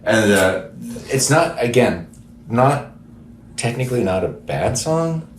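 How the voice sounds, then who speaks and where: A man hosting a podcast, giving emphatic, animated opinions in casual chat, recorded in a living room at night. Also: medium pitch, slow. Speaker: band member and podcast host. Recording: roomy with faint background noise.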